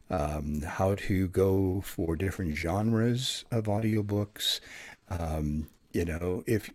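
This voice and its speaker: A man who works as an audiobook narrator, talking in a relaxed, chatty interview manner with plenty of fillers. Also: low voice. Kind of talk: casual interview talk.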